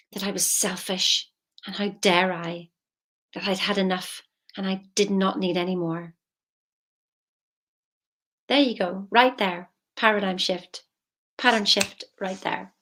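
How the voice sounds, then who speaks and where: Chatty woman coaching on money. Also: medium pitch. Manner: chatty and emphatic, drops to soft intimate asides. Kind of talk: casual motivational vlog.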